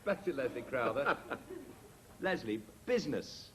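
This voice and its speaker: A man hosting a comedy panel game, briskly calling out scores and joking with the players. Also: medium pitch, very animated. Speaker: quiz host. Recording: noisy old TV archive recording.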